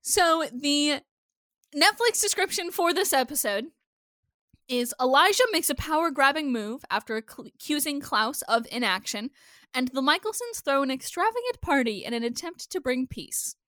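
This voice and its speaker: A young woman runs a casual fan podcast with a high, bright voice. She talks in an animated way, laughs a lot and fills her sentences with "like". The sound is close and dry, with no room echo. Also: normal speed. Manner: animated, laughing, many fillers. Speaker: podcast host. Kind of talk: casual chat.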